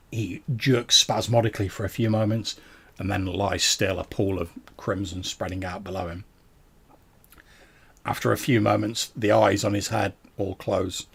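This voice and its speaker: A man's voice: lowish voice, gravelly, breathy edge. A man narrating a tabletop game as game master, talking casually with many fillers. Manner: casual, many fillers, puts on brief character voices.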